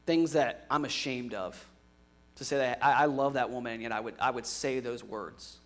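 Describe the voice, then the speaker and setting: A young adult man preaching a sermon in an earnest way, moving from emphatic lines to quiet, hushed ones. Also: mid-range voice, moderate pace. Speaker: pastor.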